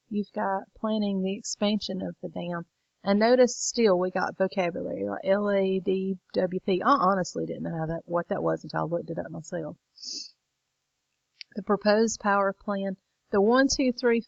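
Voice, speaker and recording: A woman's voice: mid-range voice, gravelly, no echo, dull audio. A woman teacher walking students through a lesson late in the evening, tired and yawning. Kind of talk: recorded lesson walkthrough.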